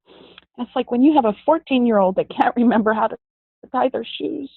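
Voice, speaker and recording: A woman's voice: on the high side, expressive, normal speed, gravelly, breathy edge, no room sound. A middle-aged woman giving a heartfelt personal testimony in an earnest way, often restarting her sentences. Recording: tinny phone-like sound, dry.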